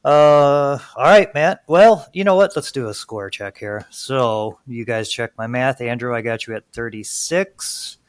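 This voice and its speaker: Male quiz host, teasing and playful, mid pitch, dry close sound. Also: a little slow, hardly any pauses, clean tone, no room sound. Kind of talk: hosting a trivia game podcast.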